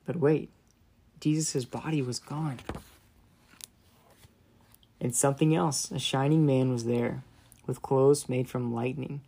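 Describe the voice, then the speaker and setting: Mellow male storyteller reading a Bible story. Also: medium pitch, fairly even intonation, slow pace, creaky, pauses often, breathy edge. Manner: gentle, dramatic storytelling that drops softer in solemn moments. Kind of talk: scripted children's Bible story narration.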